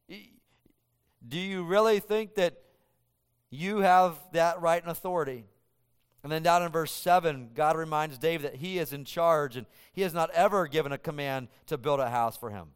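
A man's voice: a little high, moderate pace, clear, resonant tone, in a large hall. A man preaching a sermon, reading scripture aloud and then explaining it with rising emphasis. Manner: reads scripture aloud, then paraphrases God speaking in first person with rising emphasis. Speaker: pastor.

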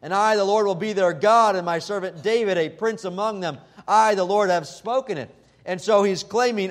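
A man preaching an expository sermon as pastor, speaking emphatically and slowing down to quote scripture. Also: high-pitched. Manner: emphatic, slows down when quoting scripture.

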